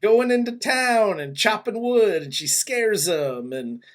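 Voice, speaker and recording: Male podcast host, slightly high voice, rambling, animated, profane casual review chat. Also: takes it slowly. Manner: rambling, animated retelling with laughs and swearing.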